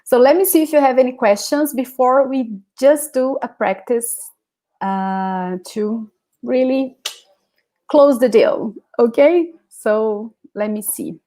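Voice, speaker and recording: A Brazilian woman whose first language is Portuguese teaches a live online language class, explaining patiently and frequently checking in with "okay?" She has an accent and a slightly high, dark-toned voice, taking her time.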